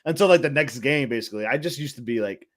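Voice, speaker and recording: A man co-hosting a podcast in a relaxed, teasing way, filling his speech with "like". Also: medium pitch, quick pace. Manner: laid-back, teasing, fills speech with "like". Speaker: podcast co-host. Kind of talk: casual chat.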